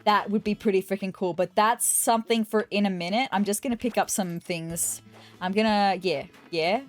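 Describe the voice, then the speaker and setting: A woman giving casual let's-play commentary, excitable and gushing, with apologetic asides. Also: medium pitch, normal speed, faint music behind. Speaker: gaming video host.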